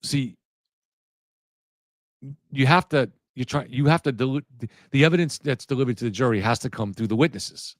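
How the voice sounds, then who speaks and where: A man of middle pitch talks on a casual livestream, wandering through his points and often starting sentences over. The sound is dry and close, with no room echo. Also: normal speed, long pauses. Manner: rambling, restarts mid-sentence, chats with viewers. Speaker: livestream host.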